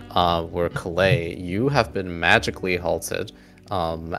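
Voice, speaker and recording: A man narrating as game master of a tabletop game in a relaxed, measured way. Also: deep voice.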